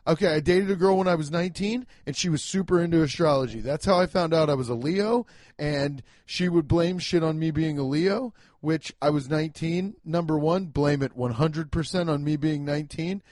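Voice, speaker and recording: A young man hosting a casual solo podcast, talking loudly and emphatically, swearing and poking fun at himself. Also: on the high side, moderate pace, dry recording, studio quality. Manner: loud, emphatic, swearing, self-mocking. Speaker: podcast host. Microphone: home podcast mic.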